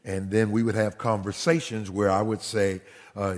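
A man preaching as a pastor, telling stories from his own family, who grows animated and nearly shouts at times. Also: on the low side, moderate pace, long reverb tail. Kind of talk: sermon storytelling.

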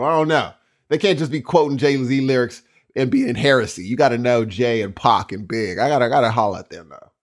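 A man co-hosting a podcast, joking around in casual chat and laughing easily. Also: mid-range voice. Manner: animated, jokey, quick to laugh. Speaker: podcast co-host.

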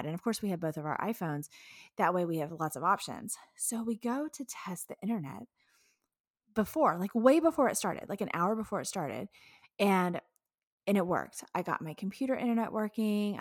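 A woman in her thirties tells a personal story in a lively, tumbling rush. She speaks at a middle pitch for a woman, laughs easily and swears now and then. The recording is close and dry, with no room echo. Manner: animated, breathless retelling with swearing and laughs. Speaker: social media mentor.

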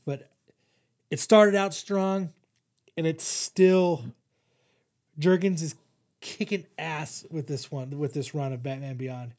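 Young male host, slightly high voice, loose and swearing, lots of restarts. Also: fairly even intonation, slow pace, long pauses, darkish tone. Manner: rambling, profane, lots of fillers and restarts. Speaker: podcast host reviewing comics. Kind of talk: casual chat.

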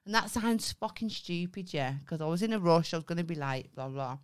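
A woman's voice: fairly low pitch, animated, a little fast, smooth. A young woman on a casual podcast, telling a story in a chatty way, swearing freely and often asking "right?". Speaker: podcast co-host. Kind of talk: casual chat.

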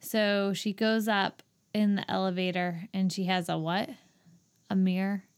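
A woman co-hosting a podcast, recapping a movie scene in a casual, incredulous, animated way. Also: mid-range voice, unhurried, clear, resonant tone. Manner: exasperated, incredulous, animated storytelling. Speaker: podcast co-host.

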